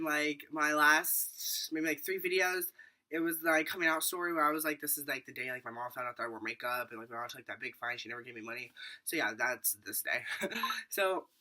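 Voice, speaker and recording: A teenage boy telling a rambling storytime vlog, full of fillers and acted-out quotes. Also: on the high side. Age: teens. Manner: rambling, filler-heavy, animated retelling. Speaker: vlogger.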